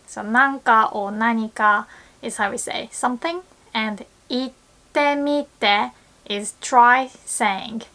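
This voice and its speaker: A young woman teaching a lesson, often laughing and acting out quoted lines in a lively way. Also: a little high, unhurried. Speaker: Japanese language teacher. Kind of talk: online language lesson.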